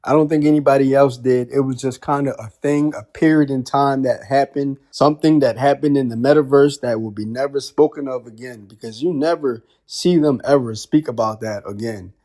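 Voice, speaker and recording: A man's voice: mid-range voice, normal speed, few pauses, mellow. A man in a mid-range voice rants in casual commentary. He sounds incredulous and fires off one rhetorical question after another. His delivery is loose and packed with slang. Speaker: wrestling commentary vlogger.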